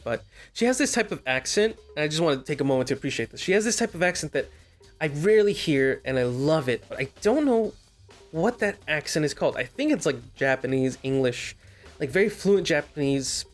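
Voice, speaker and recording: A young man hosting a casual gameplay session, chatting loosely and reading story dialogue aloud. His voice sits in an ordinary middle pitch. Faint music plays behind him. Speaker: let's play host.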